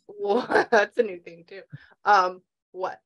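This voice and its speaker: A woman's voice: medium pitch, steady tone, slow pace. A woman working as a psychic medium in a casual session, chatty and laughing as she passes on messages.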